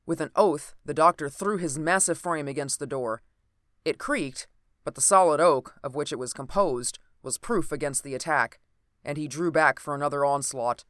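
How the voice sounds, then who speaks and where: A narrator reading an old adventure novel aloud in a steady, even storytelling manner. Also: mid-range voice, moderate pace, no echo, clean studio sound.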